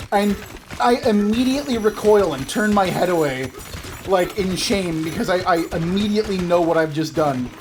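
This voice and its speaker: A man's voice: high voice, slight background noise. A man in his thirties from Canada, rambling and self-mocking as he tells a story while commentating a video game. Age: 30s. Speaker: gaming video host. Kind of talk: casual gameplay commentary with storytelling.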